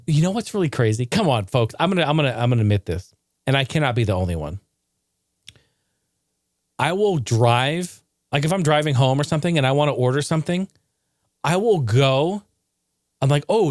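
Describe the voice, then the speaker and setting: A man hosting his own podcast, ranting casually and swearing freely. His voice sits a little high, and the recording is dry and close. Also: dry recording. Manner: profane, ranting, animated. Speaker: podcast host.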